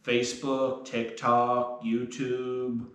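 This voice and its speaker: A man's voice: mid-range voice, completely flat delivery, very slow. A man hosting a casual beer podcast, rambling and crude with lots of fillers. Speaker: podcast host. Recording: echoey room.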